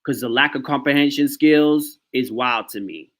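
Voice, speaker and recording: A man's voice: mid-range voice, normal speed, fairly bright tone. A man giving casual reaction commentary straight to his viewers, ranting with many "okay"s and "like"s. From Australia. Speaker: commentary vlogger.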